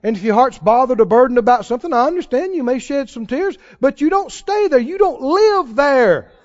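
A man preaching a sermon in an animated style, mimicking wailing prayers to make his point. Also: very high-pitched, a little fast. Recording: muffled lo-fi sermon recording.

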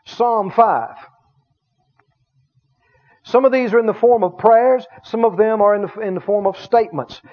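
A man's voice: sits high, a little slow, pauses often. A man preaching a sermon as a pastor, with emphatic delivery that stretches out key words and calls the congregation to respond. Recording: dull lo-fi sermon recording.

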